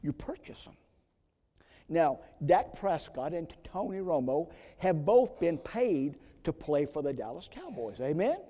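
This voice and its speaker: Pastor, man, fairly high voice with mellow tone, preaching with big swings to whispers, long church reverb. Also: sing-song, measured pace. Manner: dramatic swings from loud emphasis to hushed whispers. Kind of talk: sermon. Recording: long reverb of a large hall.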